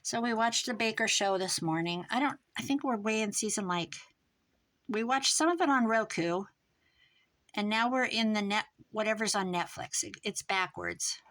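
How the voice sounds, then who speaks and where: A craft vlogger from the American Midwest chats casually while working on a project, rambling off topic and thinking aloud. Her mid-range voice moves at a moderate pace and sometimes drifts quieter as it trails off.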